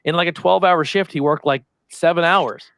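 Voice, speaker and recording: A man's voice: on the high side, a little fast, creaky, clear, resonant tone. A man co-hosting a casual chat show, telling a long workplace prank story and acting out the voices of the people in it. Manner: animated storyteller who acts out quoted voices. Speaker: podcast co-host.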